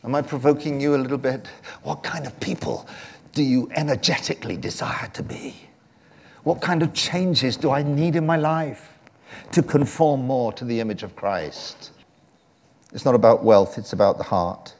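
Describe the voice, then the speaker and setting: A man preaching a sermon from England, animated and swinging between soft and loud delivery. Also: mid-range voice, moderate pace.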